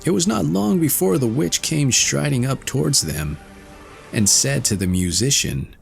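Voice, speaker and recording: A man narrating a fairy tale in a slow, expressive storytelling manner. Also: vocal fry, faint music behind. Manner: slow, expressive storytelling with wide pitch swings. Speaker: audiobook narrator.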